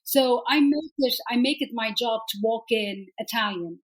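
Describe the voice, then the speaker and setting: Lively chatty Irish woman. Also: on the high side, moderate pace, low-quality recording. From Ireland. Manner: lively, chatty, laughs easily. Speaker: actress, guest. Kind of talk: casual interview chat.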